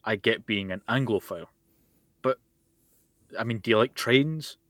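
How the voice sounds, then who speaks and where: Wry Scottish podcast co-host. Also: male voice, on the low side, normal speed, fairly bright tone, no echo. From Scotland. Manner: wry, sarcastic ranting. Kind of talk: casual chat. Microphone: remote call mic.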